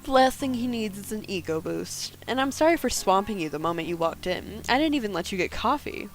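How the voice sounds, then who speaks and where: A woman's voice: mid-range voice, lively intonation, brisk, soft background music, close to an everyday voice. A woman voicing a cheerful, talkative woman friend in her thirties, reading her lines in a game playthrough. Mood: chatty.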